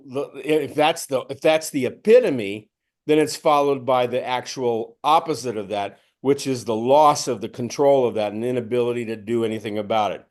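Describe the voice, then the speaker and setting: A man speaking as a spiritual teacher, telling a personal story and acting out his own inner voices, which rise to a strained high pitch. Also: a little mellow. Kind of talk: reflective spiritual talk.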